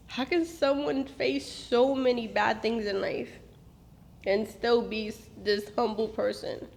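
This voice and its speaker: Woman, middle-aged, higher pitch, heartfelt family talk, drops into Spanish. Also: steady tone, slow pace, gravelly, long pauses, a little mellow. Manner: switches into Spanish, acts out quotes. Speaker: mother and host. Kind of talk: emotional family reminiscing.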